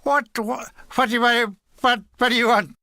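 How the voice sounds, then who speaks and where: Man as pompous old major, high-pitched bluster, dry close read. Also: steady tone, normal speed, pushed and bright, dry recording, heavily acted. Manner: sputtering, repeats words.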